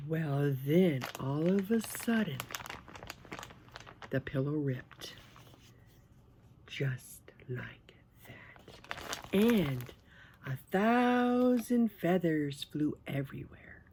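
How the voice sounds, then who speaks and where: A children's storyteller reading a picture book aloud, animated, asking the listeners questions and dropping into whispers. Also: medium pitch, a little hiss or hum.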